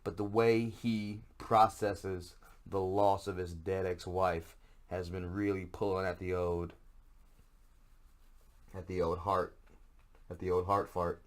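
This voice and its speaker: Deep-voiced, profane podcast host. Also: male voice, flat delivery, takes it slowly, pauses often. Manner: profane, sarcastic, rambling. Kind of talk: casual solo podcast rant.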